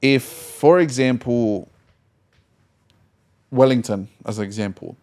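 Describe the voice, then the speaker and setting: A man's voice: mid-range voice, slow pace, a little mellow. A man co-hosting a casual football podcast, blunt and argumentative, teasing his co-host.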